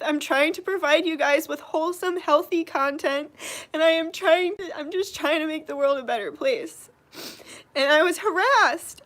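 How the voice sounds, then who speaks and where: A young woman hosting her channel, crying as she speaks, hurt and indignant, with halting restarts. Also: very high-pitched, fairly bright tone. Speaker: channel host. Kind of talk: emotional livestream vlog.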